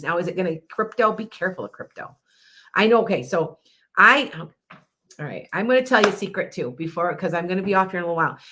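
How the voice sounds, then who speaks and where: A woman's voice: fairly low pitch, fairly bright tone. A woman hosting a psychic podcast, chatting casually and rambling, often repeating herself and answering viewers' comments. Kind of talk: casual live-stream chat.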